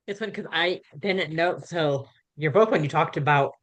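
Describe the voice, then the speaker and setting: A woman's voice: sits low, moderate pace. A woman hosting a podcast, asking her guest questions in a casual, conversational way. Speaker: podcast host.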